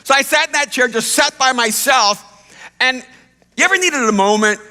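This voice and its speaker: A middle-aged man preaching a sermon as pastor, telling a self-deprecating story in an animated way. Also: very high-pitched, normal speed. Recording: long hall reverb.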